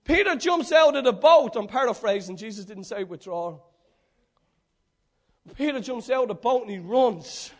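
A man's voice: very high-pitched, animated, moderate pace. A man preaching a fervent sermon, building with rhetorical repetition.

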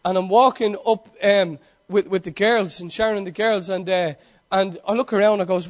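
A high-pitched Irish man preaching a heartfelt sermon. He tells his story with passion, rising loud and then dropping to a hush. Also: fairly even intonation, moderate pace, hardly any pauses. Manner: impassioned storytelling, swinging between loud and hushed.

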